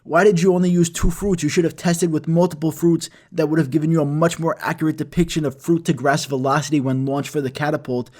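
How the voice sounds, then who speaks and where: A man's voice: on the high side, little pitch movement, fast, hardly any pauses, darkish tone, close to an everyday voice. A man voicing a pedantic, prissy male classmate who nitpicks. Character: know-it-all male classmate.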